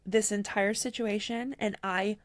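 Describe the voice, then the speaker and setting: Woman, podcast co-host, mid-range voice, chatty storyteller who fills every pause with "like", dry studio sound. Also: mid-range voice, no echo. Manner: animated retelling, heavy use of "like", quoting others in her own voice. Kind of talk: casual storytelling chat.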